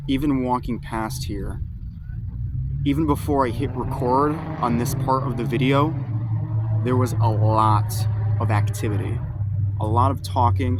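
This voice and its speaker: A man sits in an outdoor cemetery at dusk, recording into a phone strapped to his arm. He calls out to spirits in a slow, coaxing voice and breaks off for relaxed asides to his viewers. Faint traffic hums in the background. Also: medium pitch. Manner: calm, slow, coaxing call-outs mixed with casual asides to viewers. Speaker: paranormal vlogger. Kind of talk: ghost-hunting vlog, calling out to spirits.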